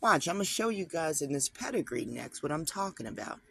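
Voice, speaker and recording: A man's voice: a little high, big pitch swings, a little fast, gravelly, sharp tone, husky. A man teaching online, reading an article aloud and breaking off into casual, emphatic commentary aimed straight at his viewers. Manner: conversational, talks to viewers directly, emphatic asides.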